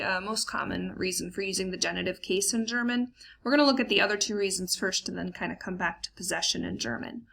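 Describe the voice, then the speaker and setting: Creaky-voiced woman teaching German grammar. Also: lowish voice, fairly bright tone. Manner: plain explanatory tone with frequent fillers; slows down for German example words. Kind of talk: recorded slide lesson.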